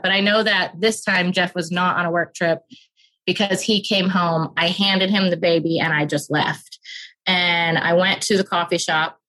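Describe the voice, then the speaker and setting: A woman in her thirties with a bright, forceful voice shares a raw personal story as a guest. She speaks earnestly and openly, and her words tumble out faster when things get hard. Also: fairly low pitch, low-quality recording. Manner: earnest and open, rushes through emotional parts. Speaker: podcast guest.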